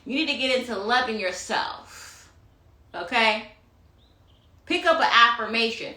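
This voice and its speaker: Sassy tarot lady ranting on a phone live, cussing, bright voice, echoey room. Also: fairly high pitch, animated, measured pace. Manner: sassy, profane, preachy, calls listeners honey. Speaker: tarot reader. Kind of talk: Instagram live astrology rant.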